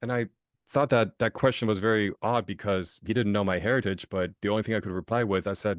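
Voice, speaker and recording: Fast-talking man telling anecdotes. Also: fairly low pitch, dry recording, clean studio sound. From Germany. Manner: animated storyteller, often restarts phrases and adds "right?". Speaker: podcast guest, author. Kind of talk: casual storytelling interview.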